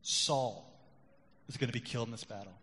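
A middle-aged male pastor preaching a sermon, rising loud and emphatic on key points, then dropping quiet and confessional. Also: a little high, lively intonation, moderate pace. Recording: long hall reverb.

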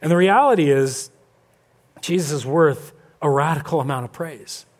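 A man preaching a lively sermon as pastor, acting out little scenes and voices of churchgoers. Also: fairly high pitch, moderate pace. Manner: animated, acts out congregation voices. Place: church sanctuary.

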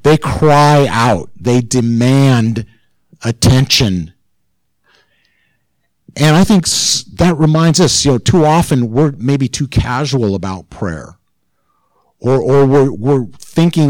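A male pastor delivers a conversational sermon at a slow pace and medium pitch, keeping it informal and chatty but getting more intense as he presses a point. The recording is low quality and has no echo.

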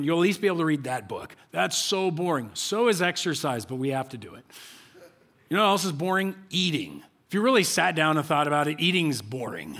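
A male pastor giving a conversational sermon in a church, animated and full of rhetorical questions and repeated phrases. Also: fairly high pitch.

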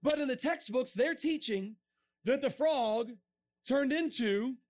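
A middle-aged man giving a lively creationist talk to a young audience, joking and asking the crowd questions. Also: extremely high pitch, slow pace. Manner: animated, asks the crowd questions, jokes. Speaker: creationist speaker.

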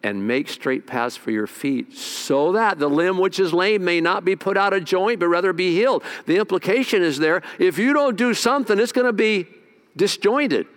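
A man, a pastor, preaching a sermon with dramatic swings between loud exhortation and quiet asides. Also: a little high, expressive, measured pace.

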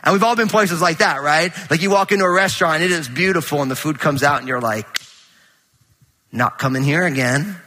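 A middle-aged man preaching a conversational sermon in a large church auditorium, animated and full of anecdotes with quoted dialogue. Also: on the high side, fast, hardly any pauses, long reverb tail, a little hiss or hum. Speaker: pastor.

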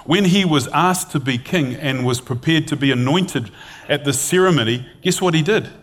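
A man's voice: fairly high pitch, normal speed, fairly bright tone. A middle-aged man preaching a sermon, retelling a scripture story in a conversational, storytelling way and reading passages aloud.

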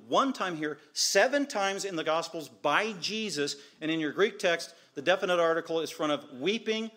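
A man's voice: fairly high pitch, pushed and bright. A man preaching a sermon as pastor, driving home his points with repeated short, emphatic declarations.

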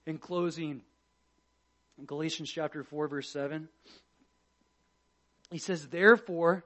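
A pastor preaching a sermon with passion, swinging between loud emphasis and hushed tones as he quotes scripture. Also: on the high side, steady tone, unhurried. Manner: quotes scripture and acts out prayers.

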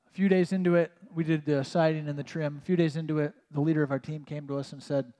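A man's voice: a little high, fairly even intonation, fast, mellow. A man preaching a conversational sermon as a pastor, casual and self-mocking, with many "like" asides. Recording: long reverb of a large hall.

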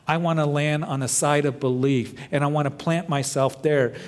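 A man's voice: a little high, fairly even intonation, normal speed. A man preaching a sermon as pastor, quoting scripture with feeling and letting his voice rise and fall. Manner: impassioned preaching, voice swelling and dropping, quotes scripture dramatically.

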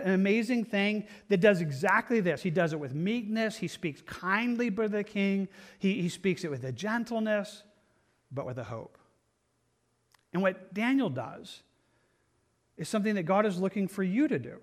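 A man's voice: high-pitched, expressive, normal speed. A man preaching an expository sermon, reading scripture aloud and talking earnestly, with frequent restarts. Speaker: pastor.

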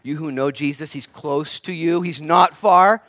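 A man preaching a sermon as pastor, swinging between loud emphatic bursts and quiet asides, and acting out voices in quoted lines. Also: fairly high pitch, a little slow.

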